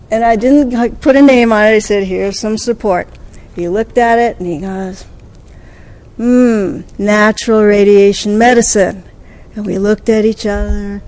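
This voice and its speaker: A woman giving a conference talk, telling a story and acting out the quoted dialogue with lively energy. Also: medium pitch. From United States. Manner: animated, acts out quoted dialogue. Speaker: conference speaker.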